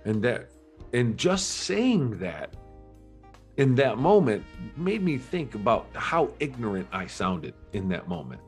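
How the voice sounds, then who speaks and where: A middle-aged man, a podcast guest, telling his life story in a candid, earnest and reflective way, with halting restarts. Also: medium pitch, very animated, faint music behind.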